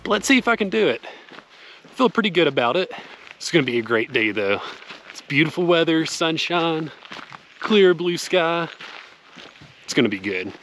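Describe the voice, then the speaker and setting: A man's voice: a little high, big pitch swings, moderate pace, pauses often, fairly bright tone, a little hiss or hum. A man talking through a solo mountain hike, chatty and upbeat, at times out of breath. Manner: upbeat, chatty, says y'all. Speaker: hiking vlogger. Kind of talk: hiking vlog with voice-over narration. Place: outdoors on a mountain trail. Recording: light music behind.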